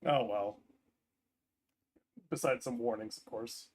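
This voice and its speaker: Streamer, man, mid pitch, rambling casual chat at his desk mic. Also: slow pace, slightly rough. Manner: chatty, hesitant with many ums and restarts.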